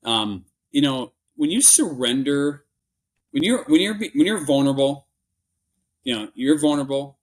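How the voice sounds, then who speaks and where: A man's voice: mid-range voice, breathy edge. A man with a Minnesota accent, a podcast guest telling candid stories in an earnest, rambling way with many restarts. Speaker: podcast guest, business buyer. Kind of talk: candid interview storytelling.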